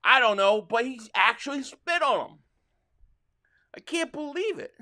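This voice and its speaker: This livestream host has a very high, sharp-toned voice with lively intonation, delivered a little slowly. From the Philadelphia area, he reacts to football with rambling frustration and reads out messages from viewers' super chats.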